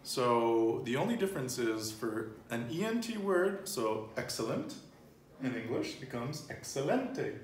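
A man's voice: mid-range voice, very animated, measured pace. A man in his thirties teaching a casual Spanish lesson at home, chatty and loose, laughing easily and often restarting or wandering off-topic. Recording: roomy home recording, faint ambience.

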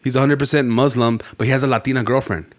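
Fast-talking young man telling rambling stories. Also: mid-range voice. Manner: rambling, profane, animated storytelling. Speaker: podcast co-host. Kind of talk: casual chat.

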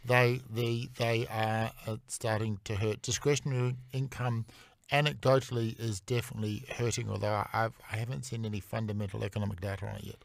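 A man's voice: fairly low pitch, little pitch movement, a little fast, gravelly, dry recording. A man on a political panel, wry and hesitant, restarting his sentences.

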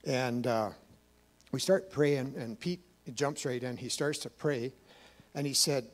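A man's voice: medium pitch, slow. A man giving a rambling, emotional personal testimony to a church, with many fillers and restarts. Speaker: guest speaker.

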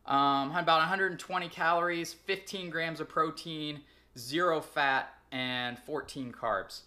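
A fitness trainer speaking in a casual vlog, upbeat and chatty, running through products and numbers with frequent ums. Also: male voice, a little high, unhurried, pushed and bright.

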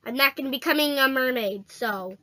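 A woman's voice: sits high, fast talker, pushed and bright. A female gaming host giving casual, playful commentary straight to her viewers while she plays.

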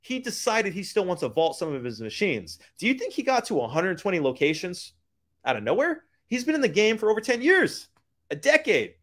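Hyped man pitching with slang. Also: huge pitch swings, brisk, fairly bright tone. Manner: hyped, keeps calling out to "guys"; street slang, repeats phrases for emphasis. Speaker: business coach. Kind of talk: motivational sales pitch.

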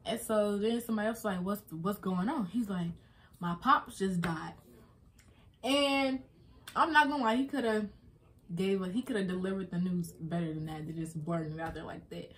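A woman's voice: mid-range voice, fairly quick, slight background noise. Young woman telling a sad story, casual. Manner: casual, emotional retelling with many fillers. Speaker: vlogger. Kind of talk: personal storytime.

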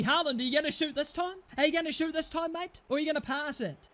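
A young man commentating his football video game match, excitable and often shouting and swearing at his teammates. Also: extremely high pitch, fast talker, hardly any pauses, a little hiss or hum. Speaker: gaming YouTuber. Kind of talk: live gameplay commentary.

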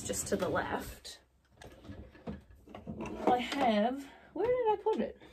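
A woman's voice: a little high, a little hiss or hum. A woman in her thirties with an Australian accent, chatting to camera in a rambling, self-mocking way. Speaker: vlogger. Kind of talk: casual chat to camera.

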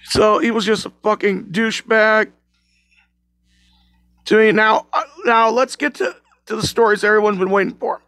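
A man's voice: sits high, moderate pace, long pauses, pushed and bright, no room sound. A man telling a scary work story in a rambling, self-correcting way, recorded on a phone. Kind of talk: casual spoken scary story.

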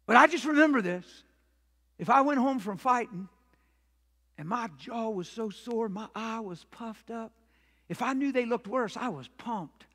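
High, forceful preaching man in church. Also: measured pace. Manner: animated preaching, acts out quoted voices. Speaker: pastor. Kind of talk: sermon. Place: church sanctuary. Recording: echoey church hall reverb.

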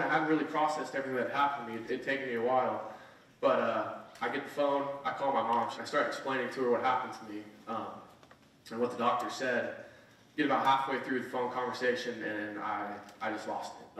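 A man's voice: mid-range voice, fairly quick, bright, forceful tone. A man in his twenties giving a motivational speech at a conference, telling his story earnestly and often asking "right?". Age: 20s. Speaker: motivational speaker. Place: conference hall. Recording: echoey hall, mic at a distance.

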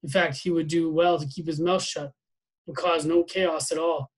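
A man teacher reading a novel aloud to his class, steady with small slips and restarts. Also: a little high, moderate pace, low-quality recording.

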